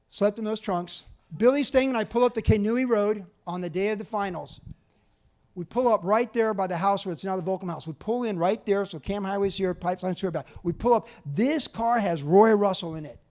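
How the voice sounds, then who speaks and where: Older man in his 60s with a high voice, giving an animated storytelling talk to an audience. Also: normal speed. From California. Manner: animated, acts out other people's lines. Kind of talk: storytelling presentation. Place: museum talk before an audience.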